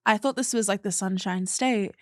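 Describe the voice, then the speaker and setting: A woman's voice: mid-range voice, moderate pace, no echo, studio quality. Chatty Australian woman storyteller. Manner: lively storyteller, explains studies in detail. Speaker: podcast guest. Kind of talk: casual chat.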